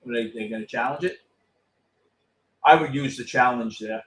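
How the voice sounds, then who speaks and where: A middle-aged man hosting a postgame show chats casually with viewers, reacting to a live game in a blunt, excitable way and swearing freely. His voice is medium-pitched and moves at a normal speed.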